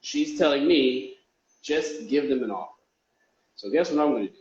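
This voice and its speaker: A man talks casually to his followers in a loose, rambling way, often restarting his sentences. His voice sits at an ordinary middle pitch. The sound is roomy and echoey, and a bit dull and lo-fi. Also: normal speed, a little mellow. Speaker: real estate investor. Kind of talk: casual vlog talk to viewers. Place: indoors, a warm room.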